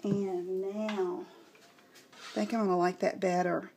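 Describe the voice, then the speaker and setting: Woman, Southern Texas accent, casual craft tutorial, slow and chatty, faint background hiss. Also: mid-range voice, flat delivery, darkish tone. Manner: chatty, thinks aloud, slow and unhurried.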